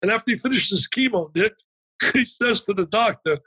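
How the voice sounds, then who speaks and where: A husky, high-pitched man tells a heartfelt story as an interview guest. He speaks with the punch of a seasoned motivational speaker, animated and emphatic, and acts out the dialogue. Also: moderate pace, poor audio.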